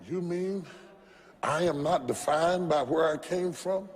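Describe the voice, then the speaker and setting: High-voiced preacher in an echoing hall. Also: male voice, slow pace. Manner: builds to shouting and chanting with the congregation. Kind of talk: sermon. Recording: long reverb in a large hall.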